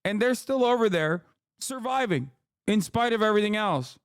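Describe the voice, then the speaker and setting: A man's voice: high-pitched, expressive, moderate pace, smooth, no echo, clean studio sound. A man streaming a reaction video, giving heated, sarcastic political commentary full of swearing.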